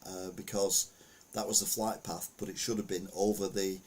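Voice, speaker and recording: A man's voice: low voice, level tone, moderate pace, a little mellow, breathy edge. A middle-aged man giving casual opinion commentary as a podcast host, rambling with lots of fillers and restarts.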